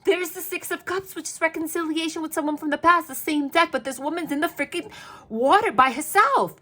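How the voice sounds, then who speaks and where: A woman's voice: extremely high pitch, fairly quick, sharp tone. A woman giving a tarot reading to her viewers, chatty and emphatic, repeating phrases again and again. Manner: chatty and spontaneous, talks straight to the viewer. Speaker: tarot reader.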